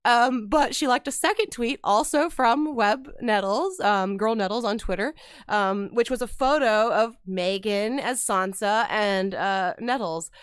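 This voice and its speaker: A woman's voice: mid-range voice, measured pace, clear, resonant tone, no echo. A woman co-hosting a casual podcast, chatty and full of fillers. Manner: chatty, with many fillers and laughs. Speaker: podcast co-host. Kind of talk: casual chat.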